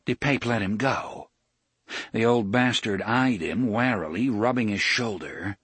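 A man narrating a story in an expressive storytelling manner. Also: lowish voice, unhurried, breathy edge, no room sound. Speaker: audiobook narrator. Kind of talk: scripted narration.

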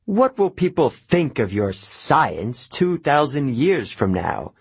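Man doing a haughty camp-director god, slow scoffing drawl, husky, lively pitch, storybook read. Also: no echo, exaggerated voice. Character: impatient, scornful male camp director, a god.

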